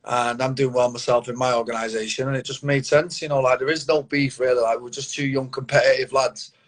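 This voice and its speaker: A man's voice: mid-range voice, fairly even intonation, brisk. Brash Mancunian man in his thirties. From Manchester, England. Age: 30s. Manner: blunt, sweary, confident, keeps saying mate. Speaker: fighter interviewee. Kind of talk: casual interview. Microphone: phone or video call.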